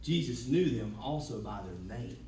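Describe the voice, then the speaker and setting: A man, preaching a sermon as pastor, humming between lines and building to shouts. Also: mid-range voice, animated, moderate pace, roomy sound, distant mic, a little hiss or hum, rough recording. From Georgia, US. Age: 40s. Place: church sanctuary.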